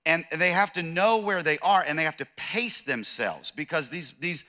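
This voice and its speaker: A man's voice: on the high side, expressive, normal speed, bright, forceful tone. A middle-aged man with a Californian accent preaching a sermon as pastor, in a conversational, joking way, acting out the voices of people in the story.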